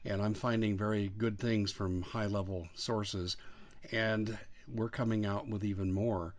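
A man hosting a talk show, speaking in a measured, assertive way. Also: lowish voice, steady tone. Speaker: host.

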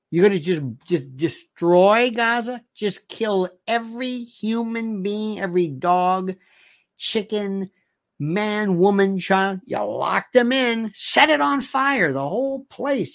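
A man hosting an opinionated commentary monologue, firing off incredulous rhetorical questions. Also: high voice.

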